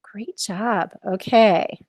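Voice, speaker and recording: A woman's voice: medium pitch, very slow, darkish tone, no echo, clean studio sound. Encouraging woman teaching children mindfulness. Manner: encouraging, asks the children many questions. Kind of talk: live online lesson for children.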